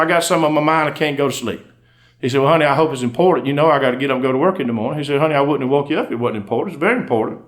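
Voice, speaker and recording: Fast-talking Southern country undertaker. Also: male voice, a little high, a bit bright. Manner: folksy, drawling, breaks into laughs at punchlines. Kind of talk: comic storytelling to a live audience. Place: stage before a live audience.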